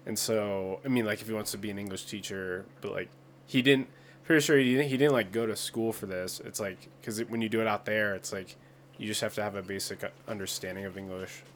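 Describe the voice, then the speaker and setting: A man's voice: on the low side, steady tone, brisk, fairly bright tone, slight background noise. A man from the United States in a casual chat, rambling with many fillers.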